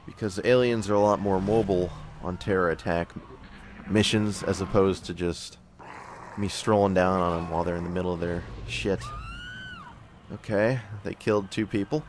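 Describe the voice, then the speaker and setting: Deep-voiced young man narrating gameplay. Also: fairly even intonation, normal speed, a little hiss or hum. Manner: joking, talks to his soldiers. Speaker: gameplay commentator. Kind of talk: casual let's-play commentary.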